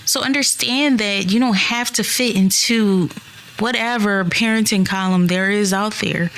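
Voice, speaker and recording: A woman in her thirties talks straight to her listeners in a solo podcast, earnest and reassuring. Her voice sits a little low for a woman. Faint ambient noise hums behind her. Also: fairly bright tone. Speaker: podcast host.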